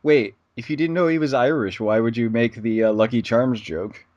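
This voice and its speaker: A man co-hosting a casual podcast, laid-back and joking, quick to laugh. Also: mid-range voice, darkish tone, no echo, dull audio. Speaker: podcast co-host. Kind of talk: casual chat.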